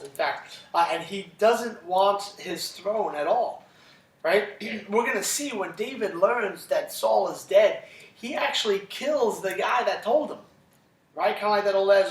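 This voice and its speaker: A man's voice: high voice, reverberant, far from the mic. A man teaching a casual classroom Bible lesson, retelling scripture conversationally and checking in with listeners after nearly every sentence. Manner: conversational, checks in with "right?" constantly.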